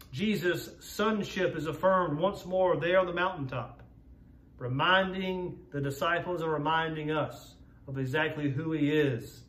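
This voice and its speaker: A man preaching a sermon as a pastor, in an earnest, measured way, slowing down to stress key words. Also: fairly high pitch, a bit bright. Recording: roomy echo, voice from a distance.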